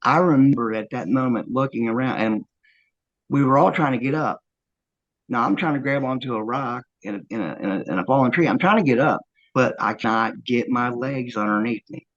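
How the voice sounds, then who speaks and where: A man earnestly recounting a first-hand encounter, halting often with fillers as he tells it. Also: mid-range voice, fairly bright tone, dull audio. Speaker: eyewitness interviewee.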